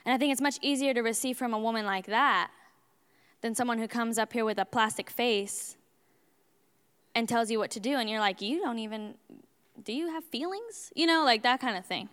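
Bright, animated young woman in a reverberant hall. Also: on the high side, clear, resonant tone. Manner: animated, re-enacts her own outbursts loudly. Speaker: speaker at a church service. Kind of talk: sermon testimony.

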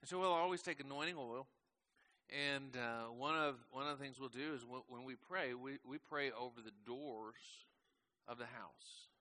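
A pastor preaching a sermon in a conversational way, often asking his listeners questions and letting his voice slow and soften at the ends of phrases. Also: on the high side. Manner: conversational, asks the congregation questions; slows and drops softly at the ends of phrases.

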